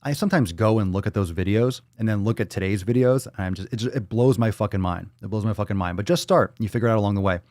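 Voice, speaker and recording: Speaking from home with few pauses and a quick pace, the man has a lowish, slightly mellow voice and studio-quality sound without echo. He runs a casual livestream podcast, loose in his talk, swearing often, and reading viewers' chat messages aloud.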